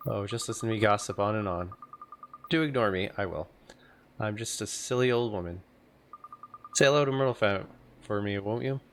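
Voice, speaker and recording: A man's voice: on the low side, moderate pace, pauses often, slight background noise, natural voice. A man reading as a gossipy old neighbor woman. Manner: gossiping, fussy and sympathetic. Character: gossipy elderly woman neighbor, fussing and chatty. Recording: game music playing behind.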